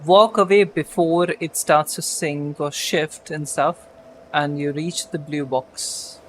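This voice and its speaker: A man's voice: a little high, fairly even intonation, takes it slowly, a little hiss or hum, poor audio. A man narrating a tabletop game as game master, casual and rambling with fillers.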